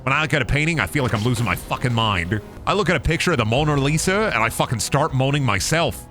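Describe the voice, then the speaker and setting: A man's voice: mid-range voice, lively intonation, fast talker, a bit bright, soft background music. A young man streaming a game, rambling profanely and joking around, often slipping into silly voices. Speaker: gaming streamer. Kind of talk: casual gameplay commentary.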